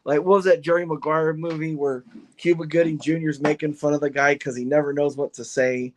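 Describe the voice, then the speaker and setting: A man who owns and drives a funny car, telling stories in an excited, rambling way with lots of restarts on a podcast. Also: a little high, a little fast, a little hiss or hum. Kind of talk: podcast interview, casual storytelling.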